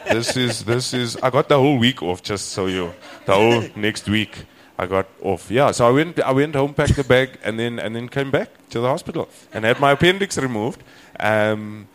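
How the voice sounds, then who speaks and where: A man's voice: mid-range voice, expressive, normal speed. A young man, a comedian, telling a story in casual podcast chat and acting out both sides of the dialogue, swearing freely. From South Africa.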